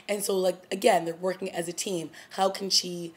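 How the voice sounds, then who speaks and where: A woman's voice: fairly low pitch, flat delivery, quick pace, few pauses. A woman giving a casual, chatty solo review of a TV episode, retelling scenes with lots of fillers like "you know" and "like.". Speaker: TV review vlogger.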